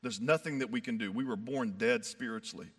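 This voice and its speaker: A man preaching a sermon in a conversational way, swinging from fired-up emphasis to quiet, soft passages. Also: mid-range voice, wildly swooping pitch, brisk, creaky. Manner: emphatic, builds to fired-up peaks then drops soft; conversational, uses "like" and "you know". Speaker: pastor.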